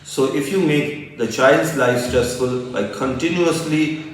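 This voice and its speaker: A man who is a doctor, calmly explaining a medical topic as a teaching lecture. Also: fairly high pitch, measured pace, slight background noise. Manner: calm, explanatory. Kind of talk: educational lecture. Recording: echoey room, voice from far off mic.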